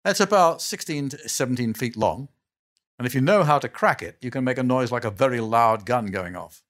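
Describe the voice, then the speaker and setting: A man's voice: mid-range voice, a little fast. Older man telling chuckling anecdotes. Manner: animated, chuckling storyteller who trails off and restarts. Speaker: guest. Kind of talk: anecdotal storytelling in a casual interview.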